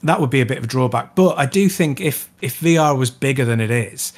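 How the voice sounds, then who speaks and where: A man co-hosting a gaming podcast in casual chat, keen and quick to laugh. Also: medium pitch, animated. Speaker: podcast co-host.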